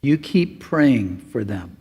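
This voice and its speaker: A man's voice: mid-range voice, very animated, takes it slowly, mellow, slightly rough, long reverb tail. A man preaching a sermon as pastor, earnest and pleading.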